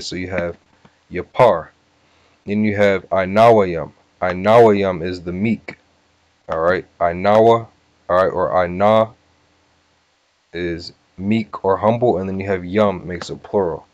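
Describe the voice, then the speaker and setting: A man teaching a scripture lesson, casual and repetitive, sounding out words slowly. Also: deep voice, no room sound, highs cut off. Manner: casual, repeats "all right" and "you know", sounds words out slowly. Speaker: bible teacher. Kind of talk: scripture lesson with word-by-word breakdown.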